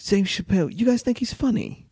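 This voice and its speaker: A man doing a clueless, puzzled British man in a deliberately poor British accent. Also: animated, a little mellow, breathy edge, dry recording, studio quality, heavily acted. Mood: incredulous. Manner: bemused, questioning, higher voice.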